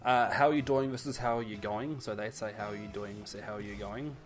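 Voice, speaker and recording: A man's voice: lowish voice, fairly even intonation, fast talker, faint music behind. A man with an Australian accent hosting a casual podcast chat, rambling and playful and laughing often. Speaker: podcast host.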